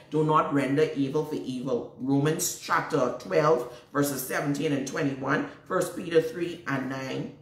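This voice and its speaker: A woman's voice: deep voice, a little slow, few pauses. A woman, a prophetess preaching emphatically to viewers, repeating herself and citing scripture. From Bahamas. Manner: emphatic and repetitive, cites scripture. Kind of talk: preaching, answering viewer questions. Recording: roomy, distant mic.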